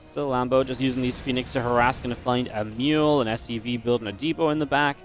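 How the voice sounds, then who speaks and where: A man's voice: mid-range voice, fairly even intonation, fast talker, soft background music. A man casting a strategy game match, chatty and analytical, breaking into easy laughs. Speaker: esports caster. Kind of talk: play-by-play game commentary.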